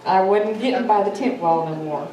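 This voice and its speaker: A woman's voice: medium pitch, normal speed, a crowd in the background. A woman recounting her own experience at a symposium in a plain-spoken way. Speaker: symposium speaker. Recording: echoey hall, distant mic, faint hiss.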